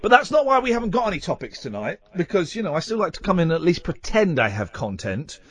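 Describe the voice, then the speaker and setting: A man's voice: sits high, very animated, fast, a bit bright, husky, no room sound. A man hosting a late-night radio show, rambling and teasing his co-host in a playful, chatty way. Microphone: studio microphone.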